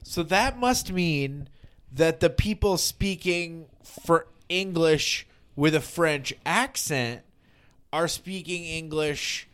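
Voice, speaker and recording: A man's voice: fairly high pitch, slow pace, fairly bright tone, clean tone. A man co-hosting a podcast, chatting casually and musing aloud with lots of questions. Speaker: podcast co-host. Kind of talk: casual chat.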